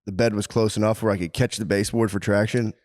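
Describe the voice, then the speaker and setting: A man co-hosting a podcast, telling crude stories in casual banter and jumping into high yelps for the punchlines. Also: fast, dry recording, clean studio sound. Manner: animated storyteller, often jumps into high yelps for punchlines. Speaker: podcast co-host.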